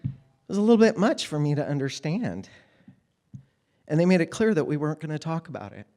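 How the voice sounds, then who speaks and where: A man telling a personal story on stage, candid and wry, with animated moments. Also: on the high side, a little fast.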